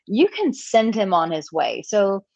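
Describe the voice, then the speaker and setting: A woman's voice: mid-range voice, big pitch swings, unhurried, creaky, a little mellow, no room sound. Chatty woman dating coach, dry lo-fi sound. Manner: candid, chatty, with many fillers and acted-out example lines. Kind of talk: live Q&A answering viewer comments.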